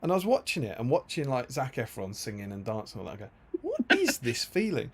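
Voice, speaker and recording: A man's voice: on the low side, big pitch swings, rapid-fire, darkish tone, husky. A man, co-hosting a casual livestream and reading out chat, laughing often and restarting his sentences. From Greater London, England. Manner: chatty, laughs often, lots of restarts and fillers. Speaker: co-host reading live chat.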